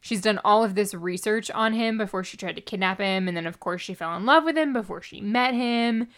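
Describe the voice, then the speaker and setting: A woman's voice: mid-range voice, brisk. A woman co-hosting a casual podcast, wryly recapping a book and reading passages aloud. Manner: wry, animated, reads passages aloud. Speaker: podcast co-host reviewing a book. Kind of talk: casual chat.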